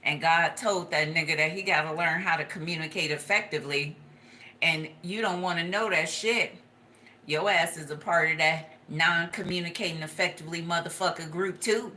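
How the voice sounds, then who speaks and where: Foul-mouthed lady doing a tarot reading, bright sharp voice, kinda low, laughs a lot. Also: moderate pace, a little hiss or hum. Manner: profane, animated, laughs often. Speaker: tarot reader.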